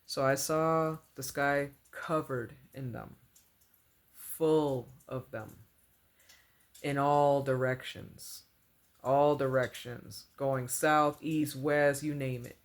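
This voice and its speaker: A woman's voice: a bass voice, fairly even intonation, takes it slowly. A woman casually retelling a dream, rambling and earnest, packing her speech with fillers and repeated phrases. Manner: rambling, full of "like" and "you know", repeats phrases; earnest and religious. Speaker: vlogger recounting a dream. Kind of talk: casual storytelling.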